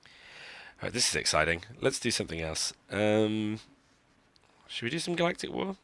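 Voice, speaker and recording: A man's voice: on the low side, sing-song, normal speed, a bit bright, no room sound. A man giving live commentary on a mobile game he is playing, talking to himself in a wry, joking, self-mocking way. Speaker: gaming streamer.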